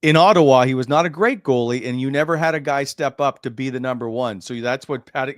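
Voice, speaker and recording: A man's voice: medium pitch, a little fast, few pauses, dry recording, clean studio sound. A man hosting a casual sports interview, jokey and stumbling through his questions. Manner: jokey, stumbling, lots of restarts. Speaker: host.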